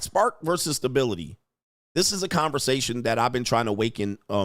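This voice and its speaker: A man's voice: medium pitch, no room sound. Middle-aged guy riffing crude slang over clips, dead dry sound. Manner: brash, crude slang, laughs often. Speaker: host. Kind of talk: casual commentary reacting to clips.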